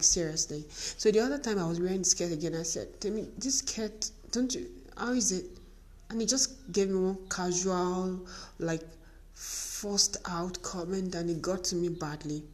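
A middle-aged woman with a Nigerian accent gives a motivational talk to women as a podcast host, telling stories and acting out bits of dialogue. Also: lowish voice. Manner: animated storytelling, acting out dialogue.

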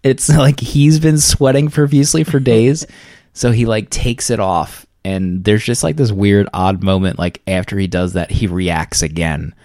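A man's voice: lowish voice, steady tone, unhurried, darkish tone, dry recording, studio quality. A young man co-hosting a casual movie podcast, talking in a laid-back, rambling way and chuckling often. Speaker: podcast co-host. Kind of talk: casual movie review chat.

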